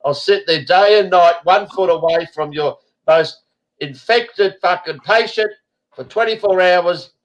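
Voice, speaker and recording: A man's voice: high-pitched, unhurried. A man hosting a casual group chat over a video call, blunt and rambling, swearing often. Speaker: host.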